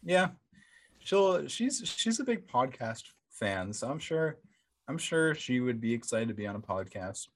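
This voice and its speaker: A man's voice: mid-range voice, sing-song, a little slow, a little hiss or hum. A young man co-hosting a podcast in casual chat, rambling and self-mocking, stammering through restarts. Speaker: podcast co-host.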